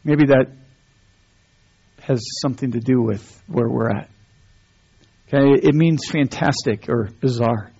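A man's voice: medium pitch, a little slow, gravelly, pauses often, dark tone, slightly rough. A man preaching a sermon to his church, talking conversationally with many restarts and building to emphatic stretches. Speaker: pastor. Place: church sanctuary. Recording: dull lo-fi sermon recording.

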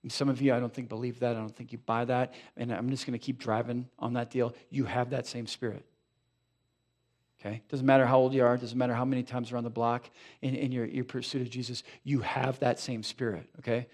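A male pastor preaching a sermon in a church, animated and conversational, with frequent asides to the congregation. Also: mid-range voice, brisk. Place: church sanctuary.

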